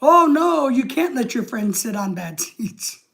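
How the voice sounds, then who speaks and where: Streamer doing a quick, high, mocking comic-actor impression. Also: very animated, vocal fry, a bit bright, full character voice. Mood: mock sympathy.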